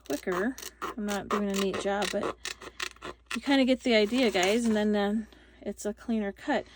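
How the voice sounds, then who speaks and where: A woman's voice: fairly high pitch, background noise. A woman hosting a casual craft tutorial, chatty and rambling, full of fillers and restarts, recorded on a phone.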